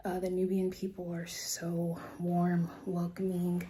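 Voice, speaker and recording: A young American woman talking casually to her phone camera as a travel vlogger, chatty and upbeat, sometimes dropping to a soft whisper. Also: lowish voice, monotone, unhurried, slight background noise. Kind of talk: casual vlog talk to camera.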